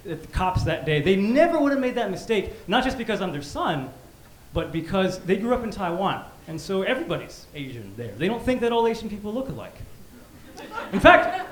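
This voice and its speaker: A man in his thirties doing a stand-up comedy set on a club stage, with a punchy, animated delivery. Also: high-pitched. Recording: echoey club room with background noise. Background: audience laughter and club ambience.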